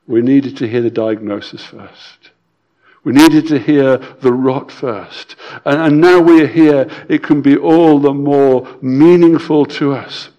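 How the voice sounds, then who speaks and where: A man preaching a sermon in a somewhat high voice. He presses his points with repetition, rising loud on key words and sinking quiet at line ends, and stumbles into restarts now and then. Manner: emphatic, repeats key phrases, swings between loud and quiet; stammers and restarts.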